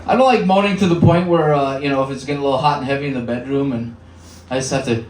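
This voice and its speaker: A man's voice: mid-range voice, fast, darkish tone, a little hiss or hum. A man in his thirties doing a stand-up comedy set in a small bar, conversational, with filler words and acted-out voices. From Upper Peninsula of Michigan. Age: 30s. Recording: echoey bar room, mic heard from a distance.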